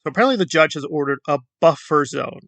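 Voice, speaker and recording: A male YouTube commentator talks casually in a flat, monotone way. His voice sits a little high, with a gravelly, bright edge. The sound is close and dry. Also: quick pace, no room sound. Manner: self-described monotone delivery.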